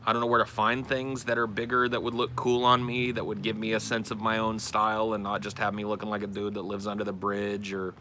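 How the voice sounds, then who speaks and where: A man talks candidly on a podcast, rambling and poking fun at himself. His voice is low with a tense, forceful brightness. A faint hiss sits behind it. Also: level tone, fairly quick, few pauses. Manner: candid, self-deprecating, rambling. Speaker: podcast host. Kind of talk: casual chat.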